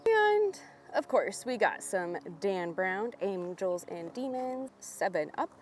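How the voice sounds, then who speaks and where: A young woman vlogging outdoors at little free libraries, chatting with bubbly excitement and reading book blurbs aloud. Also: medium pitch, slow pace, slight background noise. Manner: bubbly, excited, laughs often.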